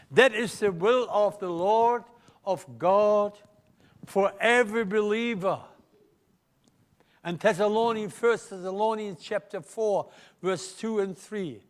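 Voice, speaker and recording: A man's voice: high voice, takes it slowly. An older man with a German accent preaching a live sermon in church, emphatic and questioning the congregation. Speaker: pastor.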